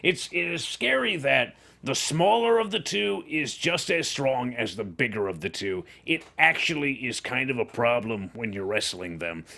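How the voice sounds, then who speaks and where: A man's voice: mid-range voice, normal speed, creaky, hardly any pauses. A man co-hosting a wrestling recap show who also wrestles, explaining and joking in casual chat. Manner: animated, explanatory, jokey. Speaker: co-host and wrestler.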